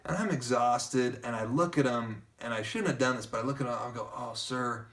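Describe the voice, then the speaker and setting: A man's voice: medium pitch, brisk. Man spinning a story, slightly distant mic. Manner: lively narrator who keeps acting out quoted dialogue. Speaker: guest telling a personal story. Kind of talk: casual storytelling.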